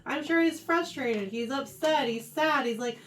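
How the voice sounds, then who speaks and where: A woman teaching a Bible lesson to a youth class, animated and often checking in with her listeners. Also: sits high, unhurried. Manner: animated, keeps checking in with "right?". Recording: voice heard from far off the mic.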